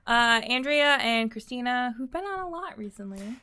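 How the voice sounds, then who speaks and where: A woman's voice: on the high side, expressive, bright, forceful tone, smooth. A woman co-hosting a podcast in casual chat, upbeat and chatty. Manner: upbeat, chatty, quick laughs. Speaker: podcast co-host.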